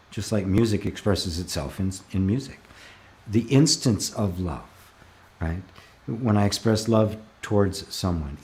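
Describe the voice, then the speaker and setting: A man leading a live spiritual Q&A, reading out viewer comments and answering in a calm, reflective way, slowing down to stress key words and laughing softly now and then. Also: on the low side. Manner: calm, reflective, often slows to stress a word. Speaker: spiritual teacher.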